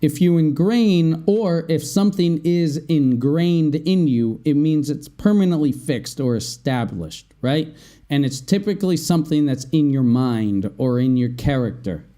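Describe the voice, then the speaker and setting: An animated, warm-toned man whose voice sits on the high side teaches a vocabulary lesson on his English-learning podcast. He explains things slowly, frequently asking "right?" to check in.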